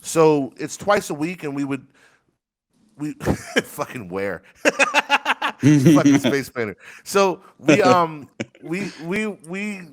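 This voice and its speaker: A man's voice: fairly high pitch, sing-song, slow. A man rambling in casual chat on a desk microphone, crude and laughing often, telling stories about his rap community. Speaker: rapper and community member.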